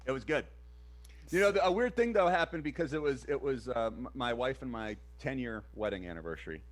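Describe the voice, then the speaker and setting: A man in his thirties with a mid-range voice, co-hosting a casual streamed chat. He talks in a relaxed, hesitant way, with many fillers and pauses. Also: mid-range voice. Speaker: podcast co-host.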